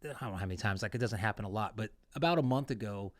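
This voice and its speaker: A man from the United States co-hosting a casual podcast chat, telling stories with lots of swearing and sudden jumps in pitch and loudness. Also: racing. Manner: profane, animated storytelling with swings in pitch and loudness. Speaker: podcast co-host, veteran.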